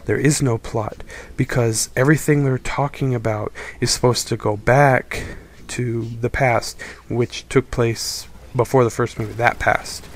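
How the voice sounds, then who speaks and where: A man's voice: medium pitch, fairly even intonation, measured pace, hardly any pauses, a little hiss or hum. Exasperated young man reviewing a film. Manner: critical, exasperated, rambling. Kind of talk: casual opinion monologue.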